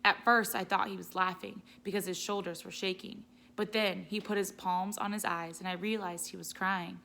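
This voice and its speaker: A woman teacher gently reading a children's novel aloud. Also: mid-range voice, fairly even intonation, moderate pace, gravelly, slight background noise. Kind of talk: read-aloud storytelling.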